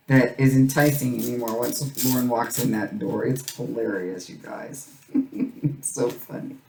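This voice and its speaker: A woman's voice: extremely low pitch, fairly even intonation, measured pace, vocal fry, mellow, far from the mic. A middle-aged woman hosting a crafting video, chatting casually and rambling, often repeating her phrases as she works. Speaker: crafting channel host. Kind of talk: casual chat while crafting. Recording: roomy, set back from mic, faint noise.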